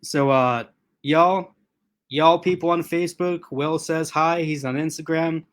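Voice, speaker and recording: A man's voice: a little high, steady tone, a little slow. A man hosting a casual livestream unboxing from his laptop, rambling and chatty with lots of fillers, restarts and laughs. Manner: laughs often. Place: at home in front of a laptop.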